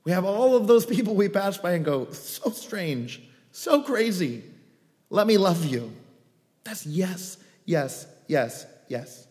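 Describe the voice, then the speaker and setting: High-voiced man preaching in a reverberant hall. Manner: animated, joking asides and acted quotes. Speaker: pastor. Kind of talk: sermon.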